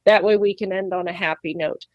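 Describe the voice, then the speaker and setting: Brief: animated woman expert guest, mid pitch, dry close recording, lively asides. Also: fairly quick, no room sound, lo-fi sound. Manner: animated, acts out quoted voices, laughs easily. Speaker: farrier and pig trimmer. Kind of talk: casual interview talk.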